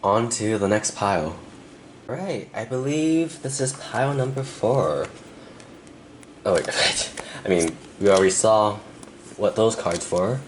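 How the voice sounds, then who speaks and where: A young man doing a pick-a-card tarot reading, talking softly and earnestly to the viewer with pauses, and emotional at times. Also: fairly low pitch, lively intonation, slight background noise. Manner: soft, earnest, speaks directly to the viewer with pauses. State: emotional, close to tears. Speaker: tarot reader.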